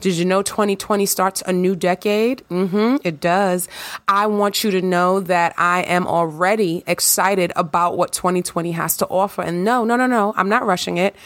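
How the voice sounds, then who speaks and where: A woman hosting her own podcast, talking to listeners in a lively, playful, hype-building way. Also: on the low side, moderate pace, dry recording. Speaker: podcast host. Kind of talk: casual solo podcast talk.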